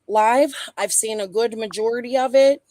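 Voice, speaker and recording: A woman's voice: a little high, normal speed, dark tone, dry recording. Tired woman chatting on a livestream. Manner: tired, subdued, trailing off. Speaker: livestream panel guest. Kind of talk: casual livestream chat.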